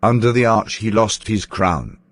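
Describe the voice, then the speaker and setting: Неторопливый рассказчик с низким голосом. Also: male voice, on the low side, expressive, measured pace, slight background noise. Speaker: narrator. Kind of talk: scripted storybook narration.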